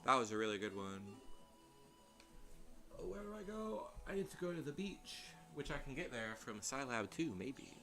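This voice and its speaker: Bright-voiced young man rambling over gameplay. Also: mid-range voice, expressive, brisk, hardly any pauses. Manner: rambling, chatty, self-deprecating with frequent laughs. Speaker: streamer. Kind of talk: casual let's-play commentary. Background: faint game music.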